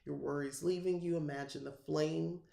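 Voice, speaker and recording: A middle-aged woman hosting a podcast, teaching a calming ritual in a rambling, relaxed way and laughing often. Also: sits low, moderate pace, creaky, roomy sound. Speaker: podcast host and spiritual guide. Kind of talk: casual livestream teaching.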